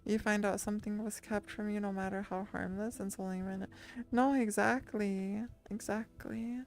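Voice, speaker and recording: A woman's voice: medium pitch, steady tone, moderate pace, darkish tone. A woman streamer chatting casually and rambling with her viewers, full of restarts and little laughs. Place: lying down at home.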